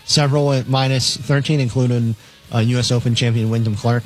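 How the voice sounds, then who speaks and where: A man's voice: medium pitch, steady tone, fairly quick. Matter-of-fact male co-host. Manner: matter-of-fact, with many fillers. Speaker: radio co-host reading the lines. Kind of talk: reading game lines on radio.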